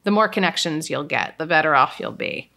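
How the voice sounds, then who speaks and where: A woman co-host chats casually, her bright, crisp voice stopping and restarting often around filler words. She talks in a loose, conversational way. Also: low voice. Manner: halting, full of fillers like "you know". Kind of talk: casual chat.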